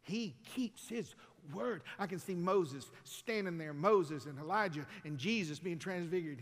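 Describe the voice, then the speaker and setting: High-pitched preacher in an echoey hall. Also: male voice, lively intonation, measured pace. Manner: preaching with rising, shouted emphasis and folksy asides. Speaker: pastor. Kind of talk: sermon. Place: church sanctuary.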